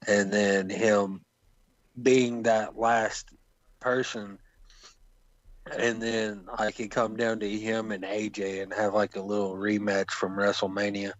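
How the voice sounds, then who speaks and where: A man speaking hesitantly in a casual wrestling podcast chat, pausing as he works out his idea. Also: lowish voice, little pitch movement, no echo. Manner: slow and hesitant. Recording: dull lo-fi dry line.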